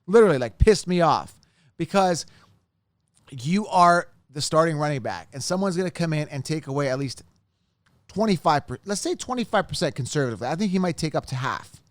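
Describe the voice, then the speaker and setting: A man's voice: a little high, expressive, quick pace, no room sound. Fired-up man venting on a podcast. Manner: heated, venting, emphatic with frequent "right?". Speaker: fantasy football podcast host. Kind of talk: solo podcast rant.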